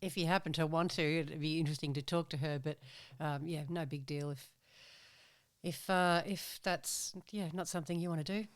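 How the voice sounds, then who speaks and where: A woman hosting a podcast, asking curious follow-up questions in a gentle, reassuring way. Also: sits low, steady tone, moderate pace, dry recording, studio quality. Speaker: podcast host. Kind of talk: casual interview.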